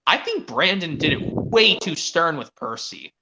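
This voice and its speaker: A man's voice: on the high side, very animated, unhurried, background noise. A man streamer in casual chat, rambling with lots of restarts. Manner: rambling, full of restarts and fillers.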